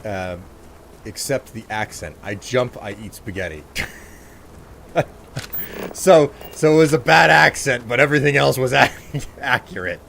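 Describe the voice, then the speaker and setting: A man's voice: medium pitch, animated, a little slow, vocal fry, long pauses, fairly bright tone, a little hiss or hum. A man streaming a game, giving casual, sarcastic commentary and poking fun at himself. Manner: sarcastic, joking, self-mocking.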